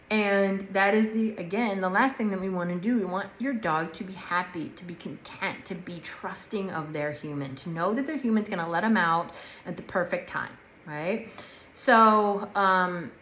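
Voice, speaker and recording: A woman's voice: mid-range voice, moderate pace, fairly bright tone. A woman dog trainer giving a casual instructional talk. She talks chattily and checks in often with "right?" and "okay?". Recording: echoey room.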